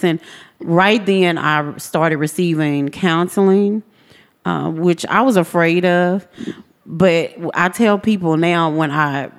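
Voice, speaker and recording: A woman, a podcast guest telling her personal story earnestly and acting out the voices of people in it. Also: sits low. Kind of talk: personal testimony in a podcast interview. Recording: long hall reverb.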